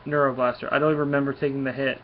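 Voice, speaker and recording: A man's voice: mid-range voice, flat delivery, very fast, slight background noise, lightly acted. A man reading out the lines of a snarky male talking raccoon gunman, in his own voice. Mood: wry. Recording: dull lo-fi recording.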